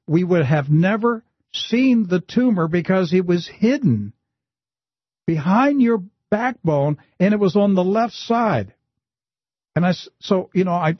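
A man hosting a Christian talk show, telling a story in an animated way and often pushing his voice up high for emphasis. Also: no room sound, lo-fi sound. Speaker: host.

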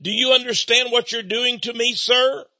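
A man's voice: very high-pitched, flat delivery, normal speed, pushed and bright, no room sound, pitched above the performer's own voice, full character voice. A man acting out an aggrieved male staff sergeant of about thirty, indignant and complaining, on a dull lo-fi recording.

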